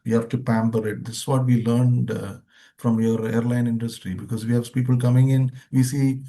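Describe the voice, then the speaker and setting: A man's voice: mid-range voice, flat delivery, brisk, dark tone. A man, a behavioral trainer who once worked in IT, speaking in a loose, rambling way in an interview, often saying "see, imagine" and "you know". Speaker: behavioral trainer, formerly in IT and airlines. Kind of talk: interview conversation.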